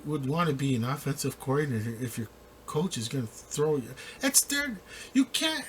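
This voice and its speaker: Animated rambling football commentator man. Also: medium pitch, normal speed, a little hiss or hum. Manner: rambling, animated, restarts often, laughs. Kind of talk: casual sports commentary.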